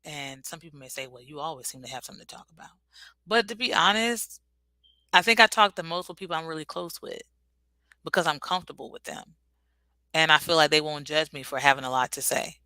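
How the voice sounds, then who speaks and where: A woman's voice: low voice, fairly quick, pushed and bright, no room sound, rough recording. A talkative woman hosting a casual motivational livestream, answering viewer comments and laughing easily. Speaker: livestream host.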